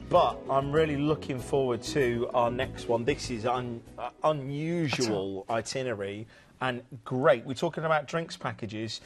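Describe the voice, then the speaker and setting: A man from Southwest England with a Southwest English accent, presenting cruises in chatty, jokey live TV sales patter. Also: medium pitch. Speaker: TV shopping channel cruise presenter. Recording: music bed under the voice.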